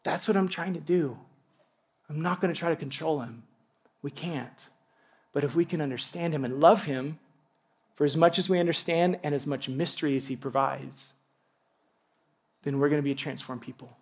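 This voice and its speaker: A man preaching a sermon to a congregation, animated and excitable, dropping from loud bursts to hushed tones. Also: on the high side, moderate pace, pauses often. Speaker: pastor.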